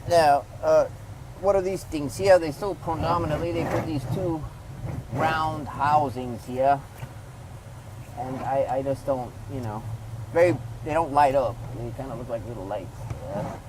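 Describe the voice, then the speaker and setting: A man's voice: a little high, measured pace, background noise. A man giving a casual hands-on product review, rambling loosely and talking to the viewer as he demonstrates.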